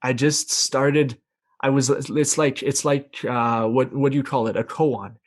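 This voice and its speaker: Young man, mid-range voice, halting reflective storyteller. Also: mid-range voice, steady tone. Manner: hesitant, many restarts, reflective. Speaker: participant sharing a story. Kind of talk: casual storytelling in a group call.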